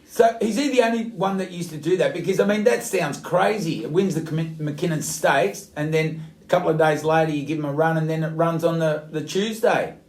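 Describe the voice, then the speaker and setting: Man, Australian accent, podcast host, jokey, high voice, roomy echo. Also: fairly quick, darkish tone. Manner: jokey, constant short agreeing replies. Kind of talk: casual chat. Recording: echoey room.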